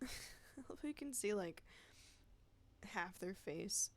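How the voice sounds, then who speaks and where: A woman's voice: mid-range voice, expressive, takes it slowly. A woman hosting a let's play, chatting casually and poking fun at herself as she plays. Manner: chatty, self-deprecating. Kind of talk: casual game commentary. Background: faint game music.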